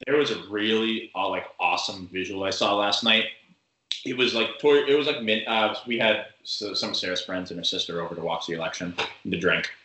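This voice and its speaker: Casual talker, male, rambling and filler-heavy, forceful tone, echoey room. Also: lowish voice, fairly even intonation, fairly quick. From Massachusetts. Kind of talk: casual chat.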